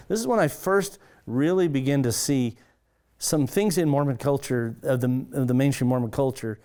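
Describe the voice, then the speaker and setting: An earnest man of middle pitch telling a personal testimony, stumbling and restarting as he searches for words. His voice lifts and livens whenever he acts out what someone else said. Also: mellow. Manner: earnest, halting, with many restarts. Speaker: pastor.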